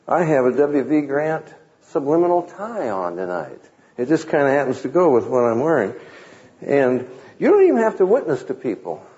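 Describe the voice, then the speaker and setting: A man's voice: a little high, warm tone. Wry male preacher, dull lo-fi sound. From Southern California. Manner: conversational, wry, quotes scripture. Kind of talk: sermon with humorous anecdotes. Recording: muffled lo-fi recording.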